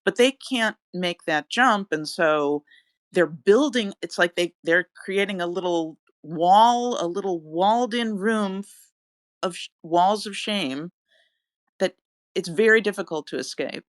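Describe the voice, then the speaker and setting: Woman, interview host, lowish voice, halting with fillers, dry close sound. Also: no room sound. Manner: halting, many fillers and restarts. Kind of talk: conversational interview.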